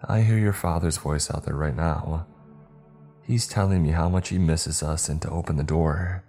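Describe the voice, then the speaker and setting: A man voicing an older mother who gently comforts her grown son in a soothing way. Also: rumbling low, fairly even intonation, normal speed, soft background music.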